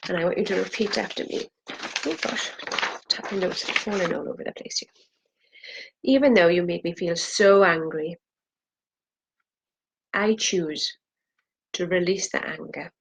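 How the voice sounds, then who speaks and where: A woman's voice: lowish voice, measured pace, pauses often, slightly rough. A woman leading a guided tapping session, saying phrases for the viewer to repeat and pressing harder on the angry lines. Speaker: EFT tapping practitioner.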